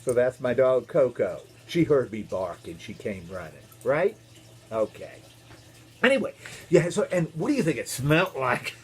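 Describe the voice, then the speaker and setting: Animated minister telling a kids' story. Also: male voice, medium pitch, moderate pace, slight background noise. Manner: animated, playful, asks kids questions, makes animal noises. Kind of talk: storytelling for children.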